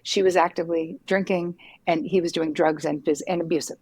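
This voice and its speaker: Husky, frank middle-aged woman. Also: fairly low pitch, brisk, no echo. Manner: frank, lively, swears casually. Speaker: psychotherapist guest. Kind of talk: candid conversational storytelling.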